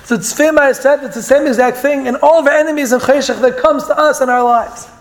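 A man delivers an earnest Torah lecture in a strikingly high voice. He slips Hebrew and Yiddish terms into his English as he explains verses and tells stories. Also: fairly even intonation, brisk. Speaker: Torah teacher.

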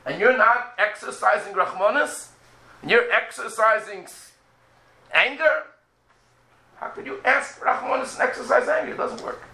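A man's voice: extremely high pitch, normal speed, gravelly, bright, forceful tone, low-quality recording. A man, a rabbi, giving a religious lecture full of rhetorical questions and acted-out prayers.

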